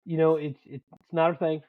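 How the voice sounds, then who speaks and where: A man co-hosting a podcast, telling profane, animated stories in casual sports banter as a dad and coach. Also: on the high side, no room sound, phone-quality sound. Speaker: podcast co-host.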